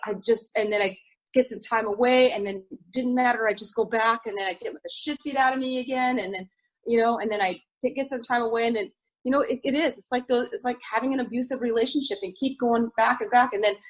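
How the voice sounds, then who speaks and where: Husky, frank woman sharing her recovery. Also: on the high side, fairly even intonation, fast, low-quality recording. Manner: frank and confessional, swears freely, restarts often. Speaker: speaker sharing at a recovery study group. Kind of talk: candid recovery group share.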